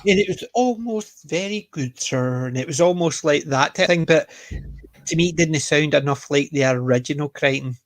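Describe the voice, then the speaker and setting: A man with a Scottish accent, co-hosting a casual podcast chat and retelling scenes with lively energy. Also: on the high side, a little fast, dry recording. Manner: chatty, animated retellings of scenes. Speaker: podcast co-host.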